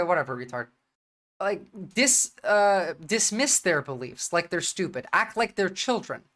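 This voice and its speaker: A woman with a New Jersey accent streaming and talking bluntly, swearing often and speaking in quick bursts. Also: mid-range voice, a bit bright. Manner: blunt, profane, rapid-fire. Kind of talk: livestream commentary.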